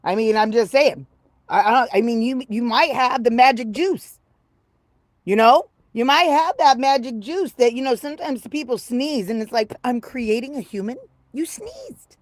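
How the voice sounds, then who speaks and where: A woman in her fifties chatting casually on a livestream, brash and profane, rambling from low mutters to loud excited bursts. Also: normal speed, dry recording. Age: 50s. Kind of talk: casual livestream chat with viewers.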